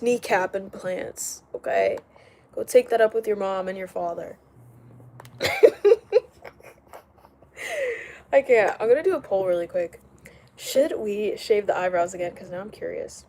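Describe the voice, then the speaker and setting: A young woman talks straight to her camera during a casual live stream at home. She reads out viewer comments and answers them with quick, laughing retorts. Her voice sits in a middle register, and a faint background hum runs under it. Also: medium pitch, darkish tone. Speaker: livestreamer. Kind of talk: casual livestream chat reading comments. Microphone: camera mic while live streaming.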